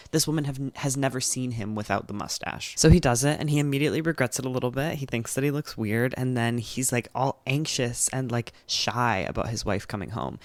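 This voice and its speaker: A man's voice: mid-range voice, no echo. Guy rambling casually through book plots, dry close sound, says like a lot. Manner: chatty, filler-heavy retelling with frequent "like"; candid, with occasional swearing. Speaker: book reviewer. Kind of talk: casual book summary monologue.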